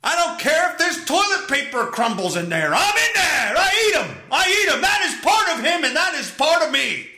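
A man mocking a wife as shrill, gushing and obsessively devoted, shrieking her adoration. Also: moderate pace, few pauses, sharp tone, roomy sound, exaggerated voice. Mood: manic gushing. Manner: shrieking, over-the-top adoring.

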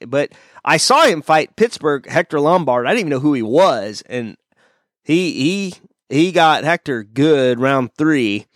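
A man's voice: mid-range voice, dry recording. A man hosting a podcast, chatting casually and bluntly about fight picks over a video call. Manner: blunt, opinionated, talks through fighters' records. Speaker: podcast host. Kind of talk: casual fight-pick chat.

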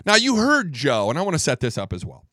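A man hosting a podcast, giving political commentary in an incredulous, animated way and repeating words for emphasis. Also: a little high, fast, dry recording, studio quality. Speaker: podcast host.

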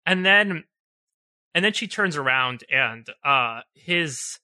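Choking up, this podcast co-host discusses a TV scene casually but emotionally, often restarting phrases as he searches for what to say. He speaks slowly, on the high side, with lively intonation and a sharp tone.

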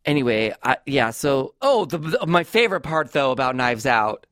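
Brief: male comedy podcast host, mid-pitched, rambling and chatty, dry close mic. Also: moderate pace, no room sound. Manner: chatty, rambling, animated with restarts. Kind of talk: casual comedic chat.

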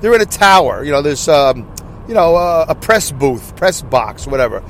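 A man hosting a casual solo podcast, rambling excitably and loudly with many asides, with faint noise behind him. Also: on the high side, moderate pace. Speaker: podcast host. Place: in his car.

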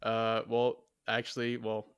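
A man's voice: lowish voice, completely flat delivery, slow, dull audio, a little hiss or hum. A man on a casual movie-review podcast who recounts favorite scenes in a rambling, hesitant way. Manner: rambling, hesitant storytelling with many "uh"s. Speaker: podcast co-host.

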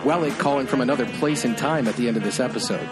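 A man's voice: medium pitch, fast, over loud music. A young man co-hosting a TV recap podcast, playful and rambling in casual chat. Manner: playful, rambling, self-correcting. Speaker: podcast co-host.

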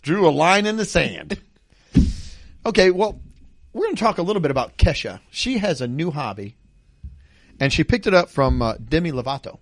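A man's voice: fairly high pitch, very animated, moderate pace, pauses often, no room sound. A man hosting a casual radio-style talk show, reading news stories aloud with jokey asides.

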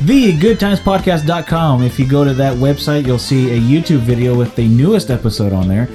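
Over soft background music, a young podcast co-host rambles through stories in casual chat, leaning heavily on fillers. His medium-pitched voice is dark-toned, brisk and lively in intonation.

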